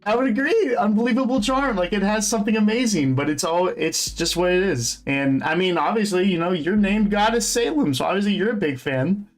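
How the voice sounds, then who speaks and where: A man's voice: high voice, a little fast, hardly any pauses. A young man giving casual, rambling fan commentary on a show, full of fillers and restarts. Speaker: host.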